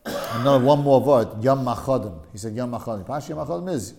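A man leading a casual religious study discussion, telling stories in an emphatic, animated way, often repeating himself for stress. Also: medium pitch, a little fast, vocal fry.

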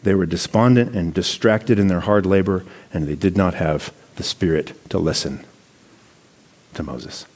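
A man's voice: low voice, unhurried, darkish tone. A man giving a sermon, reading scripture passages aloud and commenting on them in a conversational preaching tone. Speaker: pastor.

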